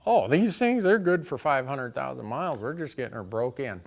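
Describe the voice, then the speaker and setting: A man's voice: medium pitch, lively intonation, normal speed, creaky. A man doing a folksy overselling salesman. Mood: upbeat. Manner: folksy, upbeat sales patter.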